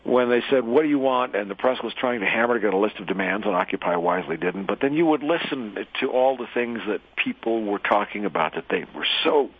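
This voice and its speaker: A man telling a parable and then speaking his mind, halting, often repeating words and using fillers. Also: medium pitch, lively intonation, gravelly, breathy edge. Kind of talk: monologue commentary with a parable. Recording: tinny phone-like radio sound.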